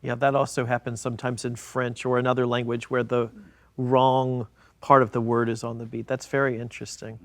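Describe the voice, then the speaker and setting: A man moderating a studio roundtable, calm and attentive as he passes questions to the panel. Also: medium pitch, brisk, no room sound. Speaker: moderator, researcher. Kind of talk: roundtable discussion. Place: video studio.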